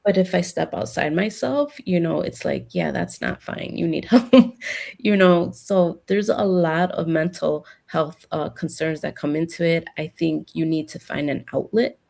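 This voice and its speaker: A woman's voice: low-pitched, fairly even intonation, normal speed, creaky, few pauses, darkish tone. A woman guest on a podcast, giving encouraging advice in casual talk with plenty of fillers. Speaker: guest, epilepsy advocate.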